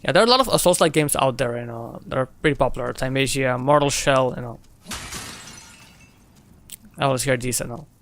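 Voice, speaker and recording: A young man streams a game and chats casually with his viewers, reading their messages aloud and laughing a lot. His voice is medium-pitched and a bit bright, a little fast, with frequent pauses.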